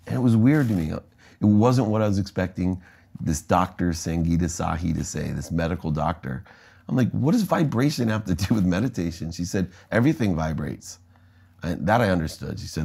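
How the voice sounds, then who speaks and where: A middle-aged American man with a low, mellow voice recounts his own story in conversation. He tells it with energy, shifting into the voices of people he quotes. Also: animated, a little fast, gravelly, husky. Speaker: interview guest, entrepreneur.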